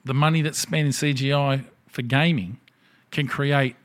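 A man chatting casually on a podcast, voice sitting in a middle register. He spins gaming anecdotes with plenty of swearing. He throws in quick impressions of the people he's talking about. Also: mid-range voice. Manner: animated storyteller who acts out other people's lines, swears freely. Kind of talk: casual chat.

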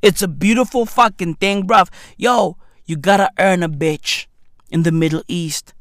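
A man in a rambling, profane rant who keeps asking "right?" and swings between loud outbursts and low mutters. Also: a little slow, no echo, clean studio sound.

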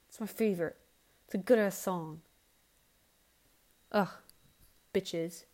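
A woman's voice: fairly low pitch, takes it slowly, warm tone. A young woman hosting her own casual podcast, talking in a rambling, blunt and profane way without a proper microphone. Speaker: podcast host. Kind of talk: casual solo podcast chat.

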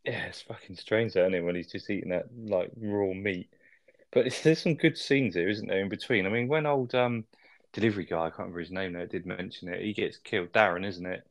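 A man's voice: sits low, brisk. A man co-hosting a podcast, chatting casually about a film, swearing often and checking for agreement with tag questions. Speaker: podcast co-host reviewing a film. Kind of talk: casual chat.

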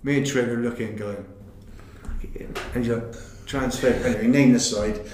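Middle-aged man, animated storyteller who chuckles through his anecdotes, mid-range voice, echoey room. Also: medium pitch, moderate pace, a little hiss or hum. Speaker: guest recounting football days. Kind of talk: anecdote-telling chat.

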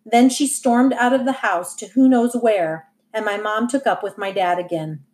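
A woman narrating a first-person novel as an audiobook reader, in plain, even storytelling. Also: on the high side, normal speed.

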